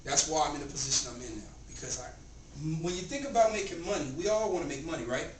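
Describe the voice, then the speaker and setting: Man, 30s, high voice, preachy sales talk, distant mic in an echoey living room. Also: fast. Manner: preachy, asks the room questions. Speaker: network marketing presenter. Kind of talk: motivational sales pitch at a home gathering. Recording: roomy, distant and noisy home recording.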